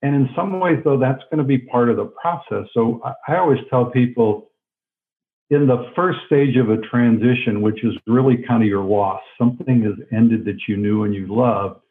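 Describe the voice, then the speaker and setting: A man being interviewed as a guest author, explaining in a calm, reflective way. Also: medium pitch, moderate pace. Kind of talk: interview on a call-in line. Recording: tinny phone line.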